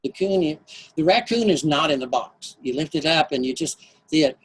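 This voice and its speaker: A man telling a personal story at a storytelling event, animated and shifting his voice for effect. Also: a little high, moderate pace, breathy edge. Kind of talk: live storytelling performance.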